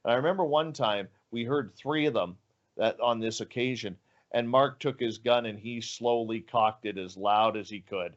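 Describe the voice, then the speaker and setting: An animated male storyteller with a mid-pitched voice, letting it sink low and hushed at the tense moments. The audio is dull and lo-fi. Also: normal speed. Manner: animated storyteller, drops low and quiet for suspense. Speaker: guest radio host. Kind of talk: storytelling on a podcast.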